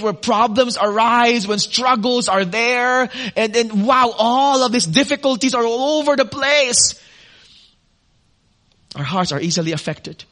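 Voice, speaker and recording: A man preaching a sermon, expressive, asking the congregation questions and adding personal asides. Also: sits high. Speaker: pastor.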